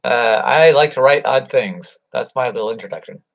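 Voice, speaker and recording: A man's voice: medium pitch, normal speed, creaky. A man joining a live audio chat as a guest writer, laid-back and wry. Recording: dull lo-fi audio.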